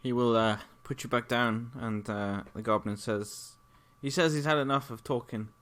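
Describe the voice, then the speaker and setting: A man narrates an online tabletop game as game master. His voice sits at a middling pitch. He often stops to check rules, filling the gaps with ums and uhs. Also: fairly even intonation, normal speed, a bit bright. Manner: hesitant, frequent fillers.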